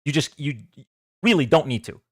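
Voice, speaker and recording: High, animated man ranting to chat. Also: moderate pace, no room sound, studio quality. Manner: exasperated, sarcastic, repeats himself. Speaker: political livestream host. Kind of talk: casual livestream commentary to chat.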